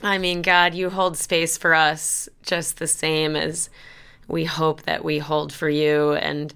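Low, bright-toned woman, unhurried. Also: smooth. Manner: warm, affectionate, laughs often. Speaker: podcast co-host. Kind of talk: casual podcast chat.

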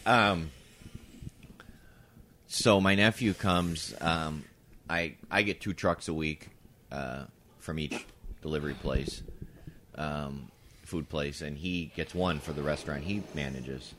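A man co-hosting a podcast, telling stories in casual chat, swearing freely and breaking into shouted impressions. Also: a bass voice, slow, pauses often, a little hiss or hum. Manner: animated, breaks into loud shouted impressions and laughs. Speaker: podcast co-host. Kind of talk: casual storytelling.

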